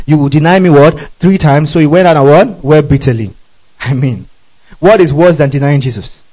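A man's voice: sits high, darkish tone, rough recording. A man preaching a sermon, often asking the audience questions and laughing between phrases.

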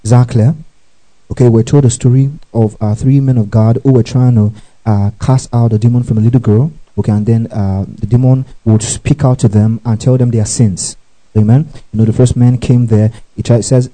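A man's voice: steady tone, fairly quick, poor audio. Call-and-response male preacher. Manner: call-and-response, urging the congregation to repeat after him; rising to loud, high exclamations. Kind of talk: sermon.

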